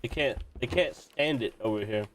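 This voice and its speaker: A man's voice: mid-range voice, moderate pace, a little hiss or hum. A man streaming a game, chatting casually and ranting with opinionated restarts. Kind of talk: casual gaming stream chat.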